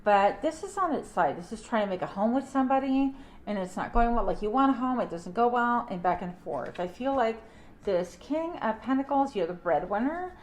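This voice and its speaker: A middle-aged woman giving a casual tarot reading to her audience, chatty and animated, with playful asides. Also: on the high side, normal speed. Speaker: tarot reader.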